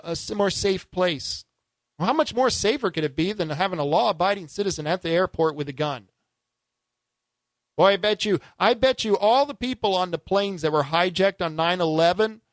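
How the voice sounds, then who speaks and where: A man's voice: high-pitched, dry recording. A man hosting political call-in talk radio, fervent and rhetorical, with folksy asides to his listeners. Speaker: radio talk show host.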